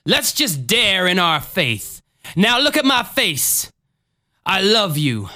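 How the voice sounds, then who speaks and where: A man putting on the voice of a theatrical faith-healing preacher, with a booming, sing-song preaching cadence. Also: big pitch swings, slow pace, bright, forceful tone, exaggerated voice. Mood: coaxing. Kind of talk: casual chat.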